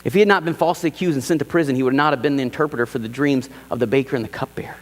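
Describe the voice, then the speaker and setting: A male pastor preaching a sermon in a church, animated and emphatic, repeating key phrases and acting out quoted lines. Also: medium pitch, very fast, big-room sound. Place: church sanctuary.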